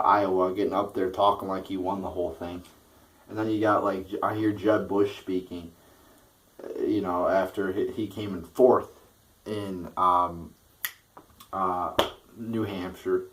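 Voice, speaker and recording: Deep-voiced man ranting about politics. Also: far from the mic, rough recording. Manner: heated, profane, repeats and restarts words. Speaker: political vlogger.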